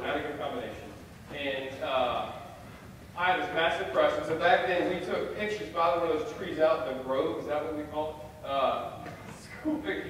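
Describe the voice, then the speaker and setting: A young man telling a self-deprecating, animated story as a chapel speaker. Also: fairly high pitch, slight background noise. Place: large hall. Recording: echoey hall from far off.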